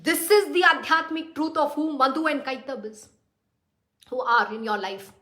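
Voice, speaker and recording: A high-pitched woman delivers a devotional discourse, speaking bluntly and firing rhetorical questions at her listeners. Her voice rings in a roomy, echoing space. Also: normal speed, bright, forceful tone. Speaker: spiritual teacher. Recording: roomy echo.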